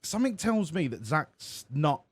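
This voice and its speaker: A man's voice: on the high side, sing-song, unhurried, husky, no echo. A man giving casual, joking commentary while playing a game, sweary and self-mocking. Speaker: streamer.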